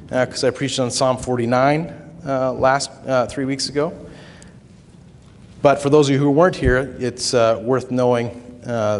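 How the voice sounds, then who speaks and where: A man's voice: mid-range voice, slight background noise. A man preaching a sermon as pastor, conversational, with asides and small chuckles. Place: church sanctuary. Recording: long reverb of a hall.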